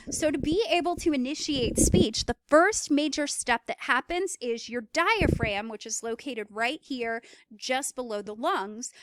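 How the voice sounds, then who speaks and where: A woman's voice: sits high, dry recording. A young adult woman giving a recorded lecture, explaining step by step with casual fillers. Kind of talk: recorded lecture on speech perception.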